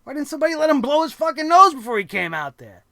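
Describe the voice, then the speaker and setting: A man's voice: extremely high pitch, big pitch swings, quick pace, vocal fry, sharp tone. A man hosting a wrestling review show, ranting bluntly and sarcastically with plenty of swearing.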